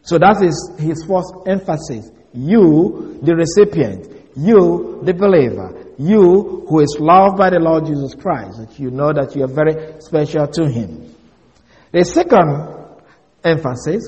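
A man with a fairly high voice preaches an expository sermon, deliberate and emphatic, and he often repeats key phrases. His voice rings with a long hall reverb. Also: a little mellow, muffled recording. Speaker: Bible teacher.

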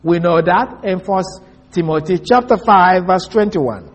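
Husky high-voiced male preacher. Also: muffled recording. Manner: slow, deliberate reading of scripture with stressed words. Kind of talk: expository sermon.

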